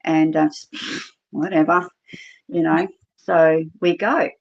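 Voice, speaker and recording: This middle-aged Australian podcast guest has a low, gravelly voice, a steady tone, and a slow pace. She tells stories about her experiences chattily, with many fillers and quoted dialogue. The podcast audio is dull and lo-fi.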